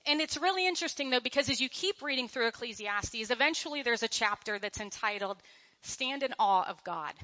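A middle-aged woman giving a casual Bible study talk to a group, chatty and animated, often laughing and acting out quotes. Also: a little high, fairly quick, lo-fi sound.

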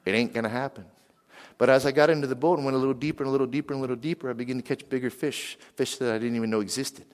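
A middle-aged man from western Pennsylvania preaches a sermon at an even middle pitch. He talks in an animated way and keeps asking the congregation questions. His voice rings with the long reverb of a large hall. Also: very fast. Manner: animated, asks the crowd questions.

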